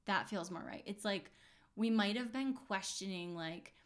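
A woman's voice: mid-range voice, measured pace. Chatty, earnest woman podcast host. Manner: chatty, many fillers and restarts; earnest, reassuring. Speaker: podcast host giving intuitive readings. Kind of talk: casual spiritual podcast monologue.

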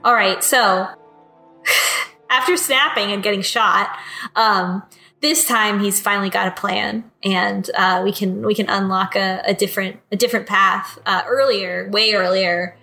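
A woman's voice: medium pitch, steady tone, unhurried, vocal fry, bright, forceful tone, faint music behind. A woman co-hosting a casual podcast chat, recapping a video game with loose laughter and swearing. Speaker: podcast co-host.

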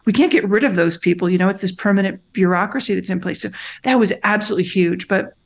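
A woman's voice: mid-range voice, fast talker, gravelly. Earnest middle-aged woman telling her story. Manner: animated storytelling, acts out quoted voices; restarts and fillers, earnest and emphatic. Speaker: guest, nonprofit founder. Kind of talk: conversational interview.

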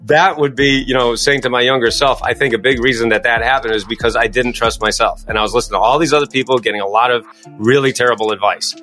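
A middle-aged man talking as a guest in an interview, coaching and explaining his method in a quick, emphatic way. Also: medium pitch, soft background music. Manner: fast, energetic, emphatic. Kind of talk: interview answers.

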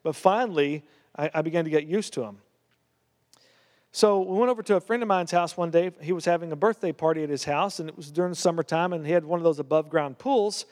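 Male pastor, high voice, storytelling sermon in a church with long reverb. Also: fast talker, a little mellow. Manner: storytelling, rising to fervent preaching.

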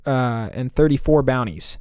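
A man's voice: medium pitch, moderate pace, a little mellow, smooth, no echo. Dry, jokey podcast man. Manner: laughs often, jokey storytelling. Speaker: podcast co-host. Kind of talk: casual chat.

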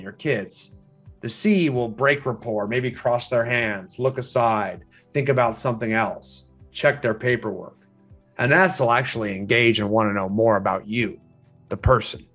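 A man teaching real estate agents in a training lecture, emphatic and full of rhetorical questions, repeating his key points. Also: a bit bright. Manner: swings pitch up and down for emphasis.

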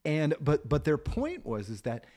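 Animated man explaining his point. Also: on the high side, measured pace. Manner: explanatory, checks in with "right?". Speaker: podcast co-host. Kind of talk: casual discussion.

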